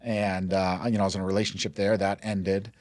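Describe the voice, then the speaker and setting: In this clip, a man in his forties from Denver, USA, works as a mortgage lender and appears as a guest in a laid-back storytelling interview. His voice is low-pitched and darkish, with a level tone and a slightly fast delivery, captured without any room sound. He wanders through his stories, laughing readily and filling them with "like" and "you know."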